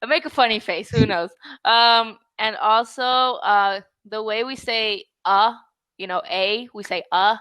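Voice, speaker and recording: Woman English tutor, patient online lesson, mid pitch, dry close sound. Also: bright, forceful tone, clear, resonant tone, no echo. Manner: friendly, patient coaching, models sounds slowly. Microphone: video call.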